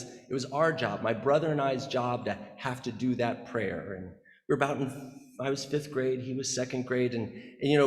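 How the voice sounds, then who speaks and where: A man from the Midwest telling a story in a sermon, in a conversational way that often restarts his sentences. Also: mid-range voice. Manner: conversational, chatty, with frequent restarts. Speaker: guest preacher. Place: church sanctuary. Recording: echoey church hall.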